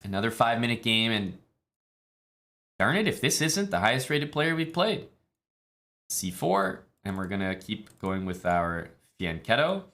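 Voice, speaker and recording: A man from Canada, streaming chess in a relaxed, chatty way with many fillers. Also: on the low side, measured pace. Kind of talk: casual live-stream commentary.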